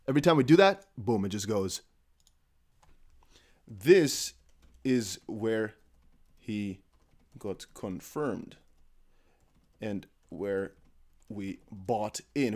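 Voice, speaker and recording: A man's voice: fairly low pitch, animated, a little slow, long pauses, a little mellow. A man hosting a casual live stream, chatty and jokey, thinking aloud with many fillers. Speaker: crypto livestream host.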